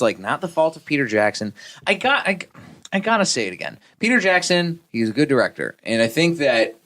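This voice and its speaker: A man's voice: medium pitch, fairly bright tone. A man from Texas hosting a podcast, chatting casually in a jokey, rambling way with many restarts. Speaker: podcast host. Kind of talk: casual chat.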